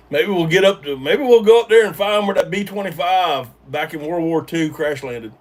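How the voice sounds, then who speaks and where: A man's voice: a little high, lively intonation, normal speed, far from the mic. A man hosting a casual livestream, rambling with lots of ums and restarts while chatting with viewers. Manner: rambling, hesitant, full of ums and repeated starts. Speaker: livestream host reading chat. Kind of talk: casual live-stream chat.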